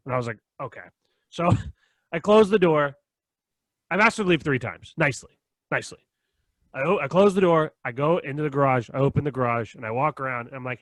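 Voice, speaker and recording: A young man races through an animated, profane story, playing both himself and the other person in it. His voice sits a little high for a man. The mic is close and dry, with no room sound. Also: fast talker, dry recording. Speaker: podcast co-host. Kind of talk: casual storytelling chat.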